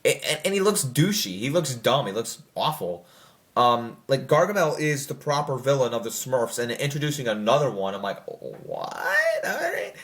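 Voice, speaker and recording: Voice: medium pitch, lively intonation, moderate pace. A young adult film reviewer in casual, rambling commentary, full of fillers and self-corrections, who slips into mocking quoted voices.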